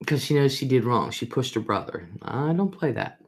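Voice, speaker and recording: A middle-aged livestream host with a bass voice speaks at normal speed and is very animated. She reads viewer comments out loud, chats through family stories with repetition for emphasis, and does voices when recalling family moments.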